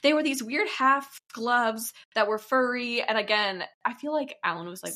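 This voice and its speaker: A young woman co-hosting a podcast, recapping a reality show in casual chat, animated and laughing, often mimicking people. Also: a little high, moderate pace. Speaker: podcast co-host.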